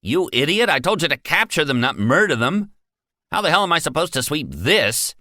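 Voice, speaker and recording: A bossy, irritable company manager, voiced by a male narrator, abrasive and quick to blame. His voice sits well above the narrator's low register, with a sharp edge. Dry, close sound. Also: big pitch swings, no room sound. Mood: angry.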